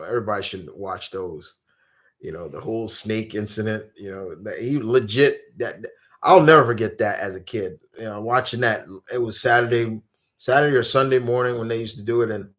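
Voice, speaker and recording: A man in his forties, hosting a live Q&A stream and rambling through casual chat full of fillers and restarts. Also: a little high. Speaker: host.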